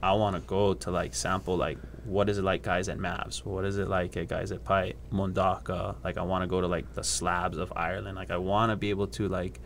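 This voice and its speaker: A man's voice: low voice, level tone, fairly quick, gravelly, few pauses, a little hiss or hum. A young man from Hawaii telling surf stories casually, acting out other people's voices and laughing often. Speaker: guest, surfer and scientist. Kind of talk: casual podcast storytelling.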